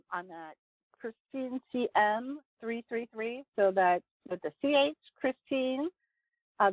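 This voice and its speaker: A woman's voice: mid-range voice, no echo. A woman pastor and writer, a guest in a casual interview, talking in an earnest, rambling way with many fillers and restarts. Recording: phone-like line, dry.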